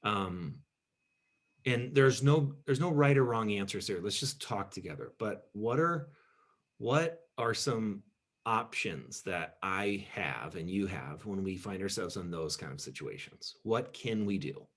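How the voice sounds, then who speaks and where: A man's voice: on the low side, expressive, measured pace. A pastor speaking to his group in a casual teaching talk, rambling and self-deprecating and peppering his stories with "you know". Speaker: pastor leading a group discussion.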